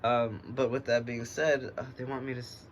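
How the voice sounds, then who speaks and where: An American man reading oracle cards in a relaxed, rambling way, speaking in a put-on English accent that he uses to get through a stutter. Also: mid-range voice, normal speed, a little hiss or hum. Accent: American trying an English accent. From United States. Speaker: oracle card reader. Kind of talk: casual divination reading.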